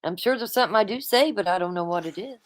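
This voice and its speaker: A woman from the US East Coast hosting a casual livestream chat in a relaxed way. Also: mid-range voice, fast talker. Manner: relaxed, reads out viewer comments.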